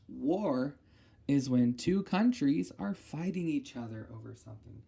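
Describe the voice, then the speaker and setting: A woman speech therapist leading a listening lesson, enunciating each target word slowly and carefully, with a patient, encouraging tone. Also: rumbling low, expressive, vocal fry, mellow. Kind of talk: auditory discrimination lesson for children.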